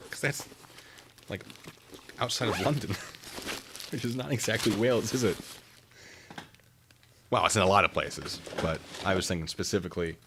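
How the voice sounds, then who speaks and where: A man's voice: on the low side, normal speed, pauses often, noisy background. A man chatting casually with his stream viewers while packing care kits, joking and teasing himself. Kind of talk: casual live-stream chat.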